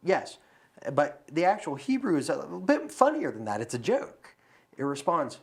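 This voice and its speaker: A man's voice: fairly high pitch, wildly swooping pitch, normal speed, creaky. A man as a podcast guest, talking through philosophy and telling a story in a casual conversation, recorded in a studio.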